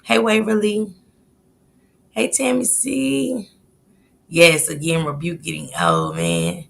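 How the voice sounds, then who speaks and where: A woman's voice: fairly low pitch, animated, slow pace, gravelly. A woman in her late forties hosting a live stream, chatting casually and greeting viewers by name. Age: 40s. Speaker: livestream host.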